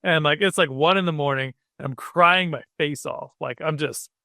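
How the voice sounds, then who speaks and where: Guy guest on a podcast, bright slightly high voice, rambly and emotional, dry close mic. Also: normal speed, creaky, no room sound. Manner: rambling, emotional, many fillers. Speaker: guest, cartoonist. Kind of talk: casual interview chat.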